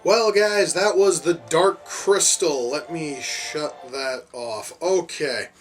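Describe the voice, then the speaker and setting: A man's voice: on the high side, slow, recorded from a distance, soft background music. Rambling man reviewing a film. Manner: rambling, many restarts and fillers, mild swearing. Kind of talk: casual spoken film review.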